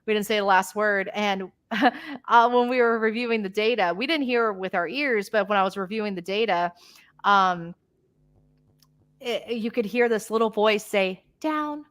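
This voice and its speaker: A woman's voice: medium pitch, moderate pace, a bit bright. A woman from the United States, a paranormal investigator chatting casually as an interview guest, full of fillers and easy laughs.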